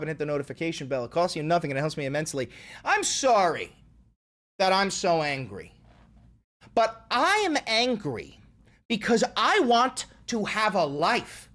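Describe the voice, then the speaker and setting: A man's voice: on the high side, a bit bright. A man hosting a livestream commentary, talking in an angry, emphatic and profane way. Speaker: host.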